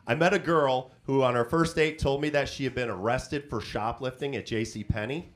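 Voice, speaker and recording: A man's voice: mid-range voice, moderate pace. A man hosting a stand-up comedy set on a club stage, telling self-mocking stories and chatting with the crowd through a handheld mic.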